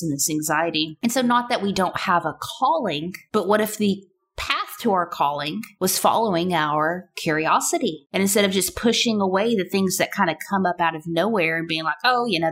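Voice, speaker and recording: A woman's voice: lowish voice, vocal fry, fairly bright tone. A woman in her thirties hosting a casual solo podcast, chatty and playful, full of rhetorical questions. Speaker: podcast host.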